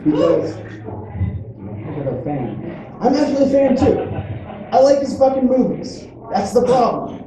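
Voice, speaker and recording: A man's voice: very high voice, sing-song, measured pace, long pauses, a crowd in the background. A man doing a stand-up comedy set, rambling and self-mocking as he acts out little voices. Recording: echoey room picked up from a distance.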